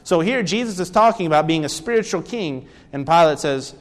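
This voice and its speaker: A man's voice: on the high side, expressive, a little fast, in a large hall. A man preaching a sermon lesson, earnestly explaining scripture and asking rhetorical questions. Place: church.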